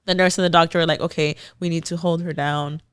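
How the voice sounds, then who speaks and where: A young woman co-hosting a podcast, telling a story in a casual, animated way, full of "like" and quoted voices. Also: sits low, fast talker, clean tone, no echo, studio quality. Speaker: podcast co-host. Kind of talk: casual chat.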